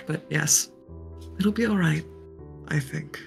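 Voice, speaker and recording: A woman playing her character in a tabletop role-play game, speaking in a gentle, measured, earnest way. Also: low voice, vocal fry. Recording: faint music behind.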